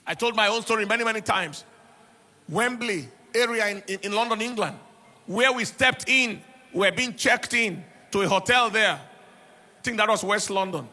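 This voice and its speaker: A middle-aged pastor preaches a sermon in a high, pushed, bright voice at a moderate pace. He tells personal stories with laughter, emphatically repeating words and phrases.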